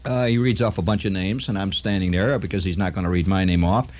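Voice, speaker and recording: A man telling a long personal story in a rambling, halting way, full of asides and restarts. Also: low voice, a little mellow. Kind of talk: spoken storytelling monologue.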